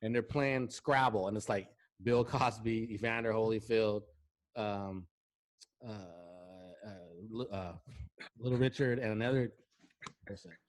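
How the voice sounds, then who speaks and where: A man's voice: fairly low pitch, measured pace. Chatty male host telling anecdotes. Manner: lively anecdotes, keeps checking in with "right?". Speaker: talk show host. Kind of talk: casual storytelling interview chat.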